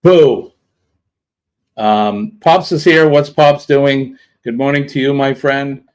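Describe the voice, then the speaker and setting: A man hosts a casual livestream chat in a smooth, medium-pitched voice, unhurried and rambling with lots of ums and uhs.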